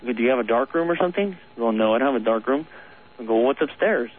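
A man's voice: medium pitch, animated, racing. A man calling in to a radio show, telling a long ghost story in an earnest, rambling way with nervous laughs. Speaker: caller. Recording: tinny phone line on radio.

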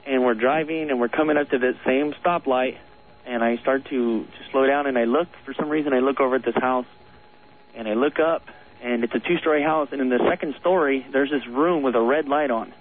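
Over a tinny, thin-sounding phone connection, a radio caller spins a lengthy ghost tale. His pitch sits in the middle, his pace runs slightly quick, and he comes across as sincere and meandering, letting out little nervous chuckles.

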